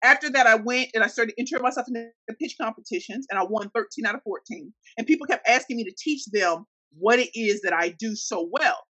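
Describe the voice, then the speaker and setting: A woman from St. Louis, Missouri, telling her business story in an interview, animated and acting out the voices of the people in it. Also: on the high side, fairly quick, hardly any pauses, slightly rough, no echo, low-quality recording. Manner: animated, acts out quoted voices. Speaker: guest entrepreneur.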